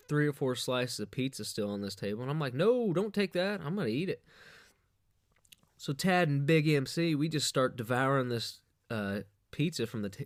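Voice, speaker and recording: A man's voice: mid-range voice, no echo, clean studio sound. A man hosting a podcast, telling a crude, rambling comic story with lots of swearing and bragging. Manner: profane, boastful, loose storytelling. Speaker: podcast host.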